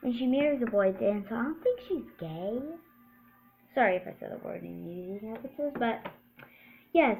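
A woman's voice: a little high, lively intonation, normal speed, creaky, darkish tone, low-quality recording. A woman playing a female search engine in a home skit, answering questions in a chatty, offhand way with muttered asides.

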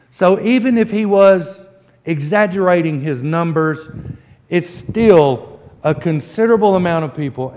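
A pastor delivers his sermon in an unhurried, emphatic cadence, leaning on homespun storytelling. His voice sits slightly high for a man. The sound carries a long reverb, as if captured in a church sanctuary. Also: a little mellow. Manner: folksy storytelling, slow emphatic preaching.

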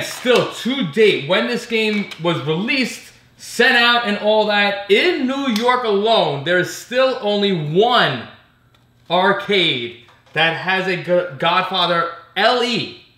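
A man's voice: high-pitched, very animated, slow, pushed and bright. A man hosting a casual pinball vlog, ranting sarcastically with plenty of swearing and laughter. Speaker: pinball vlogger. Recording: roomy echo.

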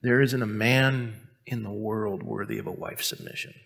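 A man preaching a sermon as pastor, mixing jokes at his own expense with earnest teaching, and dropping to a quiet, intense tone for stern points. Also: on the low side, moderate pace, creaky. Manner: joking, self-mocking asides between earnest teaching. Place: church sanctuary. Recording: long reverb of a church hall.

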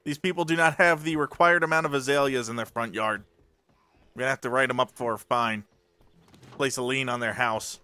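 A man's voice: mid-range voice, steady tone, brisk, pushed and bright, smooth, natural voice. A man voicing a stiff, nitpicking neighborhood association official as a joke while playing a game. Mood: officious.

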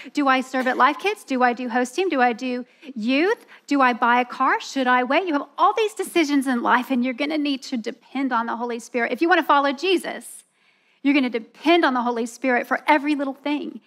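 This high, fairly bright female voice belongs to a woman preaching at a church gathering for women. Earnest and narrative, she recounts something from her own life, laughing as she imitates the people in it.

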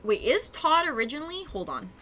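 A young woman livestreaming, her voice bright and fairly high, talking in a chatty, animated way. She reacts to her viewers as she plays and laughs easily. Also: a little fast, soft background music. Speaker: streamer. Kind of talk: casual live-stream chat with viewers.

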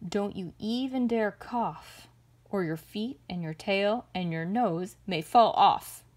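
A woman's voice: medium pitch, slow, a little mellow. A woman voicing a clever male rabbit who talks in a sly, persuasive way in a storybook read-aloud. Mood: mock warning. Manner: sly, smooth-talking, persuasive.

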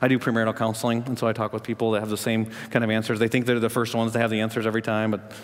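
A man preaching a sermon as pastor, telling a story and asking the congregation questions, rising in pitch and volume to make his points. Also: level tone, rapid-fire, long reverb tail.

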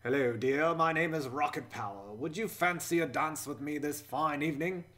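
A man voicing an old-fashioned, courtly gentleman in a deliberately bad fake British accent, speaking formally and politely. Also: a little high, close to an everyday voice.

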